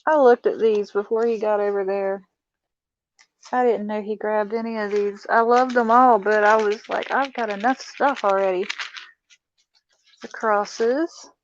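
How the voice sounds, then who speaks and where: A woman's voice: mid-range voice, fairly even intonation, measured pace, slight background noise. A middle-aged woman, chatting casually on a live stream as she shows off a craft haul, laughing often and talking to her viewers. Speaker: livestream host showing a craft haul. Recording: dull, muffled lo-fi sound.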